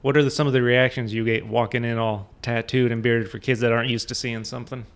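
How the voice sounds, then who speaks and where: A man's voice: mid-range voice, level tone, fast talker, clear, resonant tone. A man hosting a casual interview, asking short questions and laughing along. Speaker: interview host.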